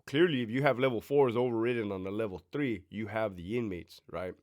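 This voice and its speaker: A man in his thirties who used to be a prison sergeant tells stories in a casual monologue, blunt and profane, hammering his points with rhetorical questions. His voice is lowish and darkish in tone, and he talks a bit quickly.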